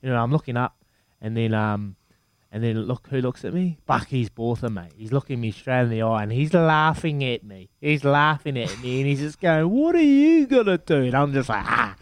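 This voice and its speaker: Animated man telling stories. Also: medium pitch. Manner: animated storyteller, many repeats and "mate". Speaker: former rugby player, podcast co-host. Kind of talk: casual podcast chat.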